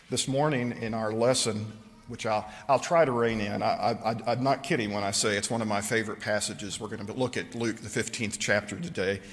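A man's voice: lowish voice, in a large hall. A man preaching a sermon in a church, talking conversationally with frequent fillers and restarts. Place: church sanctuary.

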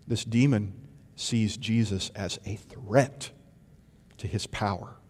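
A man preaching a sermon, swinging from loud emphasis to hushed intensity and asking rhetorical questions. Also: lowish voice, a little slow, breathy edge. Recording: long hall reverb.

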